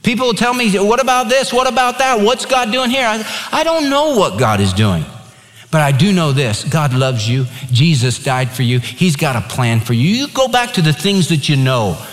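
A man's voice: mid-range voice, sing-song, moderate pace, in a large hall, soft background music. A man preaching a sermon as pastor, emphatic and conversational, telling stories along the way.

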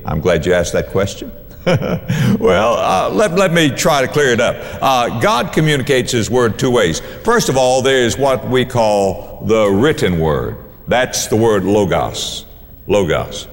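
Male pastor, sermon, emphatic repetition, lively pitch, long hall reverb. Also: measured pace. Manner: emphatic preaching, repeats key phrases for stress.

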